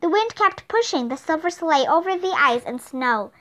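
A woman reads a children's book aloud, narrating with expression at an even pace. Her voice is high and bright. Her pitch rises and falls in a lively way. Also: normal speed. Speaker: storyteller.

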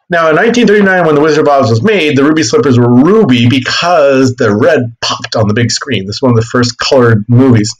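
A man's voice: mid-range voice, low-quality recording. Casual man giving a history lecture. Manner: casual, animated explaining with quick voiced asides. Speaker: history teacher. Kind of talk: classroom lecture.

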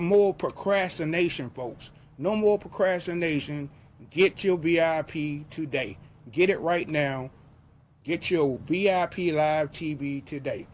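A man hosting his own show, pushing a TV subscription in a hyped, repetitive live sales pitch. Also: slight background noise. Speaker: host pitching a TV service.

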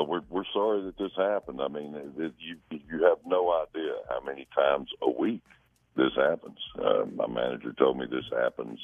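A man calling in as a guest musician, talking in a halting way with many restarts. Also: extremely low pitch, no room sound. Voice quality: gravelly, husky. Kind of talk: casual on-air phone chat. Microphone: phone call. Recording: tinny phone line.

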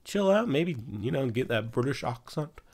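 A man's voice: medium pitch, big pitch swings, normal speed, a little mellow. A young man hosting a casual weekly football news recap, swearing freely as he talks. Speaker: sports news host.

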